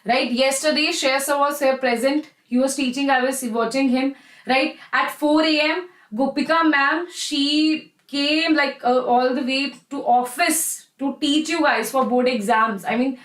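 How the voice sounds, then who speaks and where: A woman's voice: sits high, steady tone, a little slow, fairly bright tone, roomy sound, poor audio. A young woman with an Indian English accent, teaching a live online chemistry class in a chatty, encouraging way. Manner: chatty and encouraging, addresses students as "bacha".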